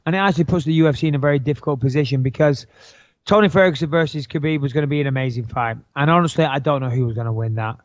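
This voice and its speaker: A man's voice: on the high side, racing, no echo, lo-fi sound. A man co-hosting a podcast in casual chat, blunt and joking, swearing freely. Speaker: podcast co-host.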